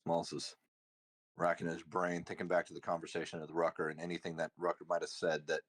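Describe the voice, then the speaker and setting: Very deep-voiced man playing a tabletop game. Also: level tone, fairly quick. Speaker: player.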